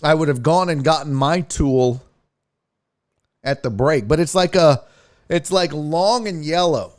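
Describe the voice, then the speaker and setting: On a sports livestream, the male host speaks in a higher-than-average voice at an unhurried pace. He reads viewer donations aloud, trading playful and crude jokes in a relaxed, chatty way.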